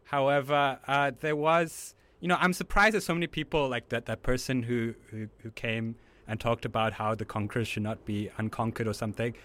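A man's voice: medium pitch, steady tone, fairly quick, hardly any pauses, a bit bright. A man from South Africa asking interview questions politely and with some hesitation.

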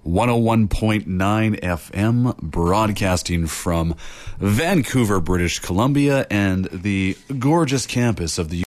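A man's voice: lowish voice, lively intonation, slow. A young man hosting a campus radio show, announcing in an upbeat, mock-grand way. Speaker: radio host.

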